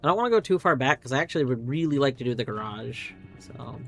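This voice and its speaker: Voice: mid-range voice, animated, fast, a bit bright. A chatty game streamer rambles through a live playthrough, trailing off and cursing casually. Faint music plays underneath the voice. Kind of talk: live gameplay commentary.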